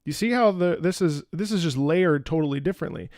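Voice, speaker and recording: A man's voice: a little high, fairly quick, darkish tone, no echo, studio quality. A man hosting a casual music breakdown video, talking enthusiastically and asking rhetorical questions. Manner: enthusiastic, sings snippets and asks rhetorical questions. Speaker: music analysis video host.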